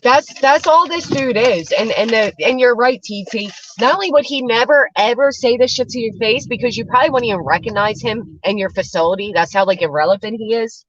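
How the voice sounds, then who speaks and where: A woman's voice: fairly high pitch, fairly quick, hardly any pauses, dry recording, muffled recording. A woman hosting a drama commentary show, ranting with profane scorn. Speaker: commentary channel host.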